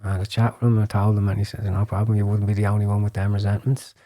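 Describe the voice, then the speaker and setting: This is an Irish man with a lowish voice, telling his personal testimony as a podcast guest. His tone is dark and mellow, and he speaks earnestly. He stumbles over repeated words and sometimes drops to a hushed whisper. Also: monotone, very fast. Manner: earnest storytelling, drops to a hushed whisper when recalling prayers; frequent repeated words and restarts.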